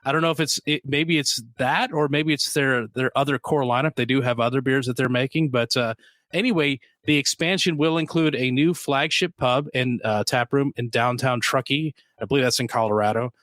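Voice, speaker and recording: Man, podcast co-host, casual rambling talk, mid pitch, dry sound. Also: fairly even intonation, normal speed, fairly bright tone, no room sound. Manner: rambling, with many fillers and restarts. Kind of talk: casual chat.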